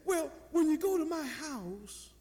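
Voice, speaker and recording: Scared tearful little boy, high and small, put on by an older preacher man, long hall echo. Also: lively intonation, mellow, exaggerated voice. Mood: timid. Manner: crying, whimpering, halting. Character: scared lost little boy, five years old.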